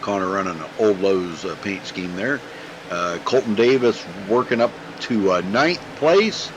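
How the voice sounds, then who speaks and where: A man's voice: fairly low pitch, lively intonation, a little slow, background noise. Folksy racing commentator man. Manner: folksy, chatty play-by-play. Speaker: race commentator. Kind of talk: sim racing broadcast commentary.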